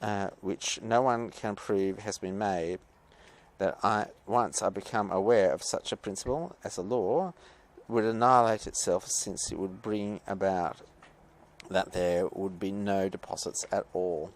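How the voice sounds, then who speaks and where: An earnest old philosopher with a slight German accent, as a man reads him out, working through a problem slowly and deliberately. The voice sits low and has a gravelly creak. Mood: measured. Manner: deliberate, reasoning step by step. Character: earnest older male philosopher reasoning aloud.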